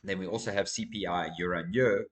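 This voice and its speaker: A man hosting his own crypto channel, with a fairly low voice. He talks to his viewers in an energetic, rambling manner, calling them guys as he walks through market data at his desk. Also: fairly quick. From South Africa. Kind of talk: casual market commentary to camera.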